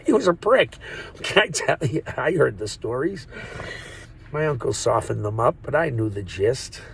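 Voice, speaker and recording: A man's voice: medium pitch, very animated, moderate pace, gravelly, slight background noise, rough recording. A man talking into his phone in a rambling, profane, joking monologue that keeps wandering off topic. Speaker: vlogger. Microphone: phone or camera mic.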